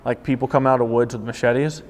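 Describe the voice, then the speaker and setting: Male storyteller, former car salesman, animated delivery, ordinary middle register, recorded with long reverb. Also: medium pitch, quick pace. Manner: animated storytelling, voices quoted people. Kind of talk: casual spoken anecdote.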